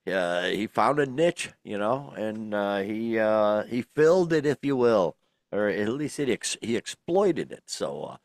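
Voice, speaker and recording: A man's voice: on the low side, big pitch swings, unhurried, no room sound, studio quality. A middle-aged man, co-hosting a casual podcast and rambling through lots of fillers and restarts. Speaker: podcast co-host. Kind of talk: casual chat.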